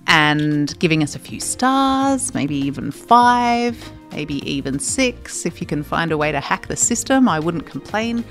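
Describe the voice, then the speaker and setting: A woman reading a playful, breezy promo for her podcast. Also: low-pitched.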